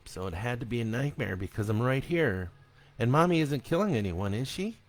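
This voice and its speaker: A man voicing a father who calmly reassures his frightened son after a nightmare. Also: medium pitch, brisk, natural voice. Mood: soothing. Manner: soft, hushing, reassuring. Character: calm, soothing father comforting his son.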